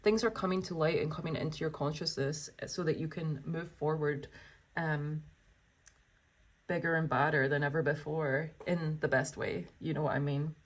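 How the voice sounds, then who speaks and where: A woman's voice: low-pitched, steady tone, normal speed. A woman giving a tarot reading, reading card texts aloud and chatting to viewers in a gushing, exclamatory way. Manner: gushing and exclamatory, full of wows and oh my goshes.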